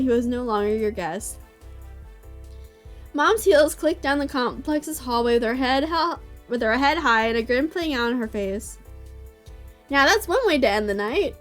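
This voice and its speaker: A hoarse woman reading a visual novel aloud for a video and gushing over it between lines. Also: high voice. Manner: gushing, excitable. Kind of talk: reading a game aloud with reactions.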